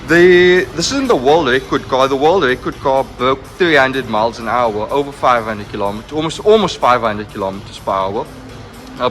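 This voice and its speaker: A young car vlogger excitedly narrates a walkaround tour of a car showroom, repeating himself and leaning on "like" and "look at." His voice is medium-pitched, captured indoors on a handheld camera mic.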